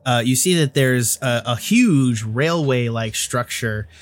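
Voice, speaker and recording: A man's voice: mid-range voice, takes it slowly. A man narrating as game master of a tabletop game, casual and loose, with profanity and many fillers.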